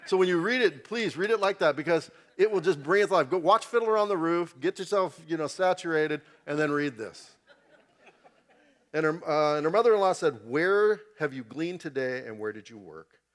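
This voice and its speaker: A man's voice: a little high, a little fast. A man teaching an informal Bible class in a church. He is chatty and keeps checking in with the class as he goes.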